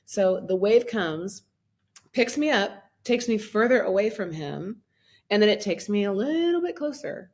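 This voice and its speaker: A woman in her fifties, a guest on a podcast, tells her story at a middle pitch for a woman. She talks with lively energy, acts out the things she once said and laughs often. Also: normal speed. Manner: animated, acts out her own past words in a raised voice. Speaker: guest, minister and life coach. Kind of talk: personal storytelling in a podcast interview.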